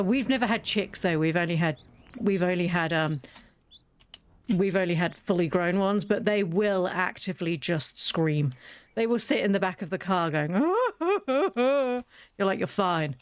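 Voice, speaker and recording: A woman chatting through a game, wry and self-mocking, talking fondly to her in-game animals. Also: on the low side. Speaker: gaming video creator. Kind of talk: casual let's-play commentary.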